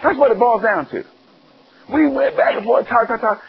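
A man preaching a sermon, telling stories with animated ups and downs in his delivery. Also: normal speed, creaky, lo-fi sound. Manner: animated storytelling, rising high and loud when excited.

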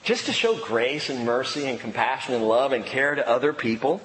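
A man's voice: medium pitch, animated, moderate pace, a bit bright, a little hiss or hum. A man preaching a sermon, telling a personal story with self-mocking humor. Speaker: pastor. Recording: long reverb of a church hall.

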